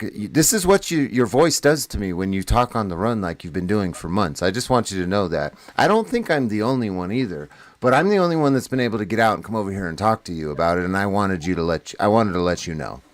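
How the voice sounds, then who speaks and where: A man with a low voice tells a rambling, profane story in casual chat. He often laughs at his own tale. The sound is dry and close, with little room around it. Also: animated, fairly quick, no echo. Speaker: podcast guest telling a prison story.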